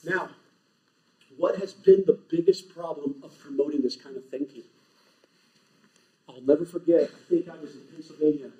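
A man giving an animated, emphatic lecture to a live audience, speaking in short punchy phrases. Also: fairly high pitch, moderate pace, long pauses. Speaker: conference speaker. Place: large lecture hall. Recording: echoey hall, distant, dull lo-fi.

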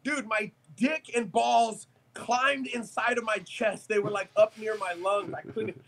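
Male podcast guest, fairly high voice, loose and swearing, storytelling with laughs. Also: unhurried, creaky, a little hiss or hum. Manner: animated, profane, laughs through his story. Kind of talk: casual storytelling chat.

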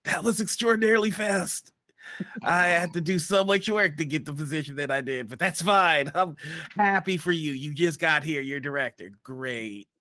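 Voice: medium pitch, normal speed, bright, forceful tone, no room sound, lightly acted. A player voicing a shifty male henchman who is flustered and evasive when caught sneaking.

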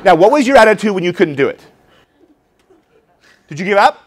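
A man in his forties giving an energetic conference workshop for teachers, acting out his students' voices. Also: high-pitched, a little fast, slight background noise. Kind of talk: lively conference talk with demonstrations. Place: conference hall before an audience.

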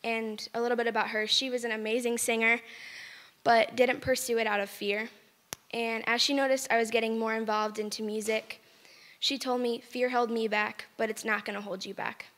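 A teenage girl with a somewhat high voice tells her personal testimony in an earnest, plain way. Long reverb from the hall trails after her words. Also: level tone, moderate pace, a bit bright. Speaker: student giving a testimony.

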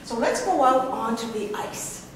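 A sly male fox from a spoken folk tale talks in a calm, knowing, teasing way, as a woman storyteller puts him on. His voice is fairly high. It echoes through a large hall, with the sound picked up from a distance. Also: unhurried, slight background noise. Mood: scheming.

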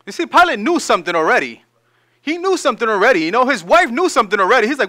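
A man preaching a sermon, reading scripture aloud and then explaining it in casual, energetic asides. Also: high voice, quick pace. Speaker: pastor.

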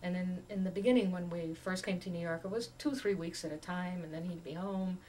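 A woman in her sixties from Tanganyika, giving an oral history interview as an animated storyteller who laughs often while she talks. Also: fairly low pitch, brisk. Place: museum interview room. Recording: distant mic with faint background noise.

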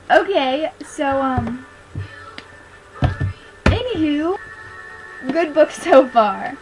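A woman's voice: high-pitched, expressive, drawn-out words, long pauses, a little mellow, soft background music, low-quality recording. A young woman chatting casually in a video diary, bouncy and self-conscious. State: out of breath. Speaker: vlogger.

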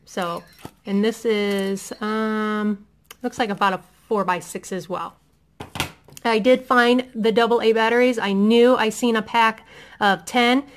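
A woman's voice: fairly high pitch, fairly even intonation, unhurried, slight background noise. A middle-aged woman from Indiana chatting enthusiastically through a product haul at home, with many ums. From Indiana, USA. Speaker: haul vlogger. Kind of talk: casual product haul chat.

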